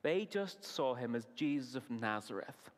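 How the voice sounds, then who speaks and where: A man preaching at a family service, asking the children questions and praising their answers in an animated way. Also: medium pitch, normal speed. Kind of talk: children's talk in a sermon. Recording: long reverb of a large hall.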